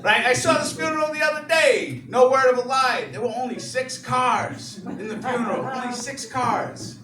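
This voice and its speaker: A young stand-up comic, his voice sitting fairly high as he rants and chats with the room. He is miked from a distance in an echoey comedy club. Roaring crowd laughter fills the background. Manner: chatty, animated rants, frequent "you know".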